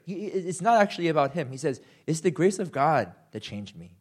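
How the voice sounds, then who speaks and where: A young man preaching a sermon, animated and self-deprecating, acting out quotes with sudden jumps in pitch. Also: brisk, hardly any pauses, slightly rough. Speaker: pastor.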